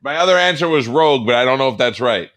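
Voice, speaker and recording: Mocking competitive man, bright tone. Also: mid-range voice, expressive, fast, no echo. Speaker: co-host and contestant. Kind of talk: crude joking banter. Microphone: video call.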